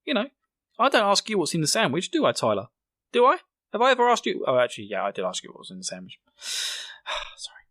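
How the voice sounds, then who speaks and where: Joking British man, lively pitch. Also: rapid-fire, no echo. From Britain. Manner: joking, rambling, acts out characters' lines in silly voices. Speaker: podcast host. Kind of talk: solo recap podcast chat.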